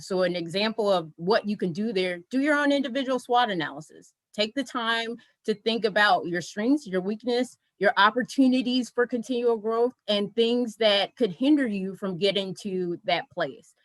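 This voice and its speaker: A woman on a panel gives brisk, encouraging career advice, laying out steps one after another. Her voice sits at a middle pitch. The sound is dry and close, with no room echo. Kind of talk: motivational advice.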